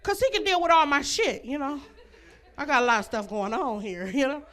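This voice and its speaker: A woman's voice: high-pitched, brisk, a bit bright. A woman doing a stand-up comedy set, brash and bawdy, speaking to the ladies in the crowd and laughing at her own jokes. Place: comedy club stage.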